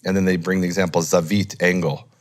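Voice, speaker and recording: A Hebrew scholar with a fairly low, flat voice walks through grammar rules in an informal, unscripted teaching discussion. He thinks aloud, pauses on fillers and corrects himself mid-sentence, explaining patiently.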